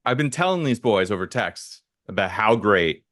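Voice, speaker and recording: Low-voiced young man chatting, dry sound. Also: lively intonation, moderate pace, fairly bright tone, dry recording. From United States. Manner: rambling, filler-heavy storytelling. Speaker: podcast co-host. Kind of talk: casual chat.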